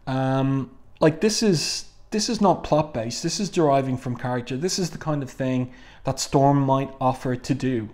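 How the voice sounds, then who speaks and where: A man's voice: medium pitch, moderate pace, a little mellow. A man casually reviewing a comic book and reading panels aloud, musing with frequent ums and restarts.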